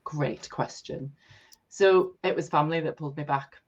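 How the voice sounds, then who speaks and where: A woman's voice: low-pitched, moderate pace, breathy edge, dull audio. A woman from the North East of England, telling stories as a guest in a podcast interview.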